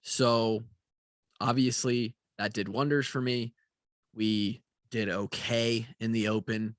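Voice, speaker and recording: A man's voice: mid-range voice, flat delivery, takes it slowly, no echo. A tired young man rambling casually in a vlog, with lots of fillers and casual swearing. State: tired, yawning. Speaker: vlogger. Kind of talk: casual talking-head vlog.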